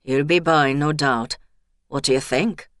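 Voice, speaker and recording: A woman voicing an easygoing male pub barman who talks in a wry, relaxed way. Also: on the high side, measured pace, dry recording, studio quality. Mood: easy.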